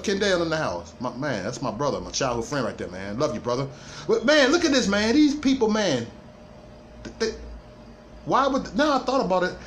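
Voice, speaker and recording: During a livestream monologue, a man rants, his pitch swinging widely as he hammers home repeated points and stammers through restarts. A faint hiss lies beneath his voice.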